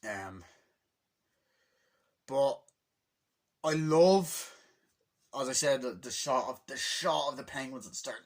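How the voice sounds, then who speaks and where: A man's voice: mid-range voice, expressive, takes it slowly, pauses often. A man giving a casual, rambling movie review recap, enthusiastic and swearing freely as he acts out scenes. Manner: loose and rambling with many fillers.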